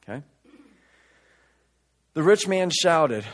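A man preaching a conversational sermon, reading scripture and breaking into casual asides, swinging between loud emphatic lines and quiet remarks. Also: medium pitch, lively intonation, normal speed, pauses often. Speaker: pastor.

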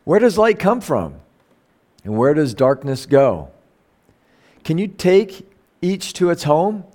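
A man's voice: a little high, sing-song, takes it slowly, a little mellow. A middle-aged man preaching a sermon, reading scripture aloud and explaining it in a conversational way with many rhetorical questions. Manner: conversational, asks rhetorical questions, self-corrects while reading. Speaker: pastor.

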